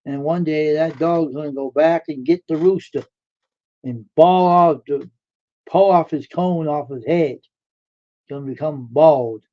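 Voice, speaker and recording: A man's voice: on the high side, a little slow, lo-fi sound. A man hosting a live stream, chatting casually and folksily with his viewers and answering their comments.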